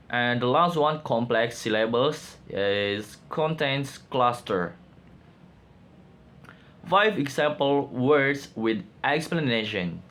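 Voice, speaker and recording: A man presenting a class project, reading out his slides haltingly with frequent pauses and fillers. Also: mid-range voice, a bit bright. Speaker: student presenter.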